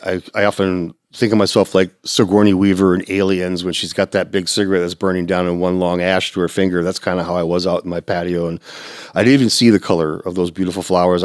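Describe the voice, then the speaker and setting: A man telling his recovery story in a casual podcast chat, acting out sounds and quotes and jumping into a high, excited voice. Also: dry recording, studio quality. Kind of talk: animated personal storytelling.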